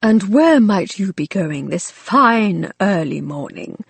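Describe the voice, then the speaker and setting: A woman voicing a gruff older male family servant who is stern but fond, speaking in a clipped, dry way. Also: mid-range voice, big pitch swings, slow, no room sound, exaggerated voice. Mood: questioning.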